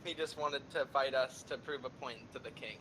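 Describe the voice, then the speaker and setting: A man playing a tabletop game, describing his character's actions in a casual, halting way. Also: mid-range voice. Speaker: player. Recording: noisy background.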